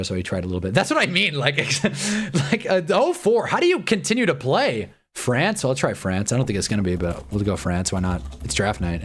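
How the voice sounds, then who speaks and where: A man hosting a livestream in casual chat, thinking aloud, muttering and swearing now and then. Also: low-pitched. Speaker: livestream host. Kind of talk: casual live-stream chat.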